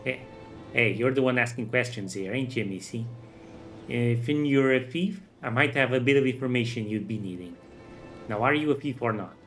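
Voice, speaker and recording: A man's voice: mid-range voice, normal speed, a bit bright, soft background music, natural voice. Man doing a slangy streetwise thief. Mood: sly. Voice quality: rough, slangy.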